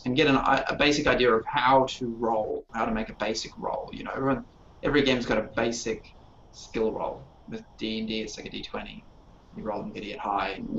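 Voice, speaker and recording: A man's voice: on the low side, creaky, fairly bright tone, a little hiss or hum. A man who designs games, chatting enthusiastically on a podcast panel and telling stories about his players. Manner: enthusiastic, storytelling, rambling. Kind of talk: casual panel discussion. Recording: dull lo-fi recording.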